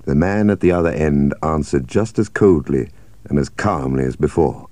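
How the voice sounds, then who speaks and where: A man narrating a story with a measured, expressive reading. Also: extremely low pitch, no echo. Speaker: audiobook narrator.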